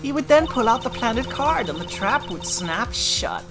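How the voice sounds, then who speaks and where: A brash, cocky card dealer with a street-tough drawl, pitched well above the speaker's own low voice, as a woman puts her on. She boasts about her scheme with smug confidence. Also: sing-song, a little slow, music in the background.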